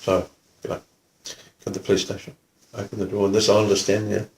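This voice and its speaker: An older man with a New Zealand accent, a retired police officer telling stories in a relaxed, casual way. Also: lowish voice, quick pace, roomy sound, slight background noise. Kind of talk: casual storytelling.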